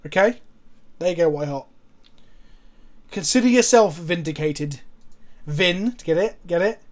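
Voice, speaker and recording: A man from England giving casual, profane, excitable commentary while streaming a card game. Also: high voice, measured pace. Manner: swears a lot, excitable, sarcastic.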